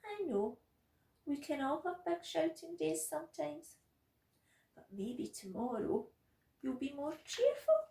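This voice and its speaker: A woman reading a storybook and voicing a gentle mother who reassures her child at bedtime in a soothing manner. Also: high voice, sing-song, slow, creaky, long pauses, voice pushed up, full character voice. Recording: echoey room, voice from a distance.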